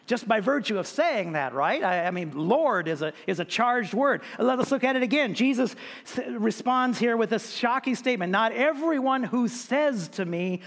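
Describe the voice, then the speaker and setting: A man's voice: very high-pitched, animated, moderate pace, gravelly, fairly bright tone, big-room sound. A pastor preaching a sermon, emphatic, repeating words and raising his voice when he quotes scripture.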